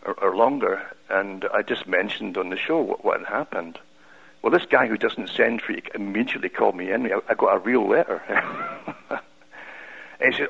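A man with a Scottish accent, a radio guest telling a personal story in an animated way, with many restarts. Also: fairly low pitch, moderate pace, vocal fry, breathy edge. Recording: lo-fi radio broadcast.

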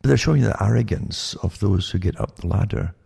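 Deep gravelly man in rambling monologue. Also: animated, a little fast, dark tone. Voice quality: gravelly, husky. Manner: rambling, with frequent restarts and asides like "eh?". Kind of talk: monologue commentary.

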